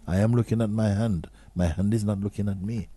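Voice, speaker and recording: A man giving a slow, questioning spiritual talk to an audience, sometimes dropping to a near whisper. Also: fairly low pitch, steady tone, dark tone, husky, no room sound. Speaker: spiritual teacher.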